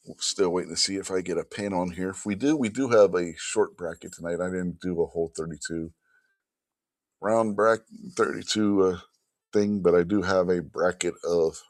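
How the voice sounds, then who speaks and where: Low, tired, grumbling male host. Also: moderate pace, darkish tone, dry recording, clean studio sound. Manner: blunt, grumbling, swears. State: tired, yawning. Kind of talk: casual livestream chat.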